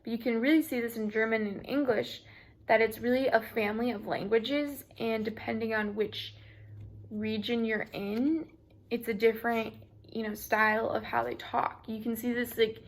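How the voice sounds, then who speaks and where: A young woman talks through a class presentation in a loose, chatty way, dropping "you know" and "like" at every turn. Her voice sits a little high and slides into a gravelly fry at the ends of phrases. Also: fairly even intonation, moderate pace. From United States. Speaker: student presenter.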